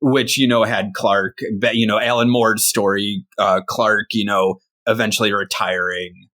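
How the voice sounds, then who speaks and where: A relaxed man gives his view on a comic book story and often stops to restart a sentence. His voice sits somewhat low for a man. He talks in an easy, conversational way. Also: moderate pace. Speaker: podcast co-host. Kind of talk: casual comic book discussion.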